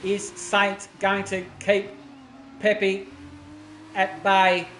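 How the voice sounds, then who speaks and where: A man commentating a sim racing stream, getting loud and excited at the action. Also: high-pitched, extremely slow. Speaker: esports race commentator. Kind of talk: live stream race commentary. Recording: roomy with faint noise.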